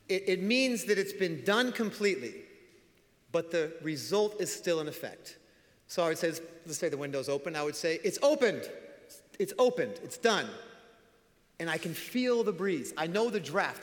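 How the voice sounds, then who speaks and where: A male pastor preaching a sermon, animated, acting out voices in his stories and dropping to a soft hush for emphasis. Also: fairly high pitch. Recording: long hall reverb.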